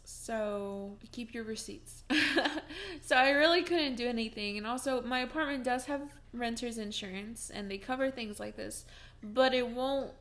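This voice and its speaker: A woman's voice: a little high, a bit bright. A young woman vlogging from home, telling a personal story in a casual, chatty way with many fillers and restarts, and breaking into laughs as she talks.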